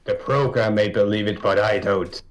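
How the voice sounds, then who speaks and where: Dry, quick-heckling podcast co-host. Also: male voice, on the low side. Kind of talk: casual banter.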